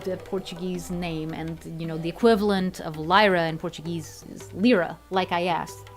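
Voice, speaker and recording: A woman's voice: lowish voice, fairly even intonation, normal speed, faint music behind. A young woman streaming casually as a VTuber, rambling and laughing often, repeating herself as she goes. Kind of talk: casual chat.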